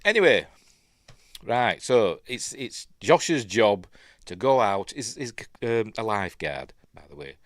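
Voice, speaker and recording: A man's voice: on the low side, very animated, unhurried, no room sound, studio quality. A man with a Yorkshire accent talks through a film in a casual, rambling way, full of ums and asides. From Yorkshire, England. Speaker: film reviewer.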